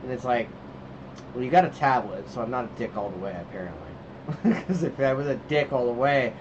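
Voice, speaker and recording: In a casual podcast chat, a co-host with an animated, medium-pitched voice tells rambling, fairly quick stories about his kids and voices their lines himself. Faint noise sits under the dull, lo-fi recording.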